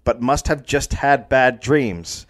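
A man hosting a comedy podcast, narrating a historical story in a deadpan way, with jokey asides. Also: medium pitch, takes it slowly.

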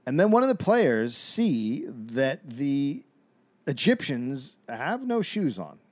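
A man telling a historical story on a comedy podcast in a deadpan, matter-of-fact way. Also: mid-range voice, slow pace, no echo.

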